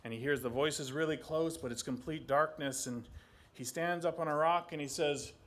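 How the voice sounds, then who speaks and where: Male storyteller, young adult, from southeast Alaska, animated, throws in sound effects. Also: on the high side, moderate pace. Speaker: storyteller and artist. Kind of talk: oral storytelling.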